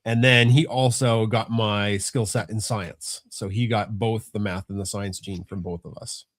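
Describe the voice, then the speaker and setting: A man's voice: lowish voice, fairly even intonation, measured pace, dry recording, studio quality. A middle-aged man, chatting casually on a family podcast, rambling and restarting often. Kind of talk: casual chat.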